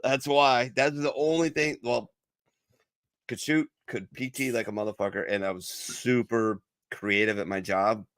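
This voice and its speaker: A man's voice: mid-range voice, a little slow, no echo. Profane, storytelling man on a dry mic. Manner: profane, storytelling with lively quoted voices. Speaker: veteran podcast co-host. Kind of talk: casual chat.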